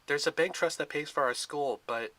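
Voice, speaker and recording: A man's voice: fairly high pitch, moderate pace, pushed and bright, voice pushed up. A man voicing a defensive young orphan girl in a storybook reading, speaking insistently. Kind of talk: storybook voice acting.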